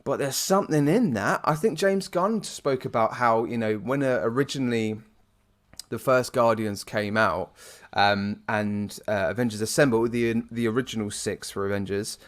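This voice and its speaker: A young man co-hosting a laid-back chat podcast, thinking out loud and wandering through his points. His pitch sits in a middling, ordinary range. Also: normal speed. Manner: rambling, frequent fillers and restarts, laughs easily. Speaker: podcast co-host. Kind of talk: casual chat.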